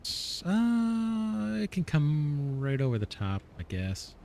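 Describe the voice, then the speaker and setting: A man's voice: fairly high pitch, big pitch swings, slow, creaky, darkish tone, slight background noise. A man hosting a let's play, thinking aloud as he builds, his voice a little worn. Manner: thinking aloud, musing and self-correcting. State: slightly losing his voice. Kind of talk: casual gameplay commentary.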